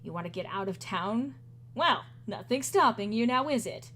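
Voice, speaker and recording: Casting: woman playing a bad-tempered male guard who barks his lines loud and sneering, pitched fairly high. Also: expressive, normal speed. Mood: irritated. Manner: snapping, scornful, loud. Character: surly hot-tempered male camp guard.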